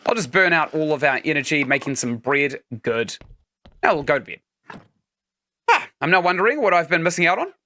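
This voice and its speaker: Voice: mid-range voice, sing-song, a little fast, pushed and bright. A game streamer giving casual let's-play commentary, chatting and explaining mechanics while playing.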